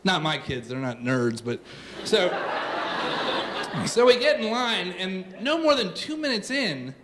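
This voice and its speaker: A man in his thirties telling a true story on stage, animated, comic and self-mocking. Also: high-pitched, unhurried, noisy background.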